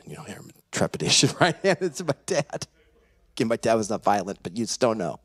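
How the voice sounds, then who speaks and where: A man's voice: on the low side, very animated, fairly quick, slightly rough. A man, a pastor, preaching a sermon by telling a personal story and acting out the voices in it. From California. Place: church sanctuary.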